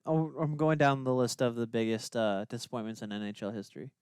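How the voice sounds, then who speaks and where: A man's voice: medium pitch, brisk, a little mellow, smooth, no echo. A young man co-hosting a casual hockey podcast, teasing and sarcastic. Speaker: podcast co-host.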